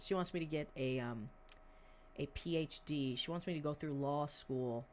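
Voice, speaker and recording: A woman's voice: low voice, normal speed, darkish tone, slight background noise. A woman in her twenties chatting on a livestream. She rambles bluntly, swears, and makes sarcastic asides while searching for things aloud. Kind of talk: casual livestream chat.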